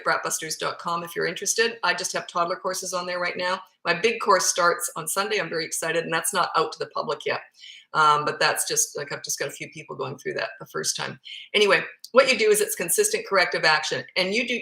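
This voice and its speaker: A woman's voice: fairly low pitch, bright, forceful tone. Blunt, chatty Canadian woman in an echoey room. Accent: Canadian with some Australian. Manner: chatty, blunt and self-deprecating. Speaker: parenting coach. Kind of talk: casual live Q&A. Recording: roomy echoey phone recording.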